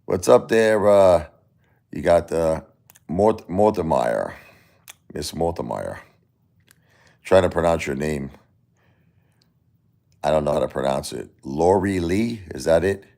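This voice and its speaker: Very deep-voiced Brooklyn man. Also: slow, gravelly, long pauses. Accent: Brooklyn New York. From Brooklyn, New York. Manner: animated, reads chat aloud, mock-Italian tough-guy phrases. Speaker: livestream host. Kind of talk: casual livestream chat with viewers.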